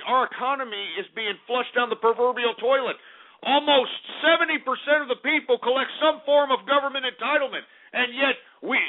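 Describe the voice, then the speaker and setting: A man with a high, tight voice rants as the host of a call-in radio show, cursing and insulting his audience. The sound is thin and tinny, like a phone line. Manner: angry, ranting, profane and insulting.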